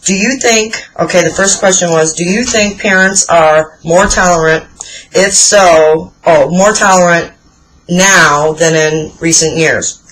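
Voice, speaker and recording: A woman's voice: lowish voice, unhurried, a bit bright, rough recording. A woman in her forties chatting casually to camera, telling blunt, profane stories with plenty of swearing. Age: 40s. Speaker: vlogger answering a tag video. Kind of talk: casual chat.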